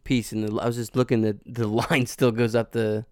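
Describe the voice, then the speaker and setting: A man's voice: mid-range voice, level tone, normal speed, a little mellow, no echo. A man hosting a podcast, laid-back and chatty, dropping dude and yo. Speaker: podcast host. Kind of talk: casual podcast banter.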